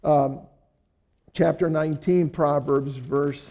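A man's voice: on the high side, steady tone, slow, lo-fi sound. An older man preaching through a rambling family story, chuckling often as he goes. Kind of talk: storytelling sermon.

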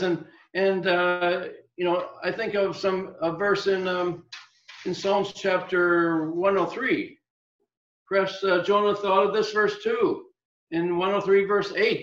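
A male preacher giving a sermon, reading scripture and dropping to a soft voice on key points. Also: sits high, fairly even intonation, takes it slowly, roomy sound, muffled recording. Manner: expository, reads scripture aloud, drops softer on key points.

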